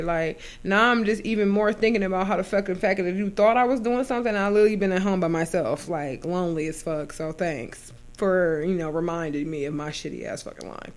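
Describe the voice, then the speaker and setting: A woman's voice: mid-range voice, brisk, hardly any pauses. A young woman co-hosting a podcast, ranting casually and profanely, acting out quotes from friends as she tells a story. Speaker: podcast co-host. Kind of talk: casual chat.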